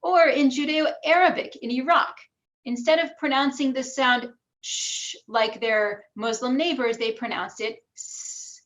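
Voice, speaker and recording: An American woman with some New York vowels giving an academic lecture with slides, explaining clearly and demonstrating pronunciations aloud. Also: sits high, fairly even intonation, a little slow, fairly bright tone. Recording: dull lo-fi recording.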